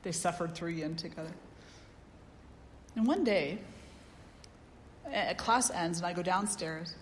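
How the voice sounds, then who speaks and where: A woman spiritual teacher giving a satsang talk, a lively storyteller who acts out the people she quotes. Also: fairly low pitch, measured pace, slight background noise. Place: yoga ashram hall. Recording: roomy hall with long echo.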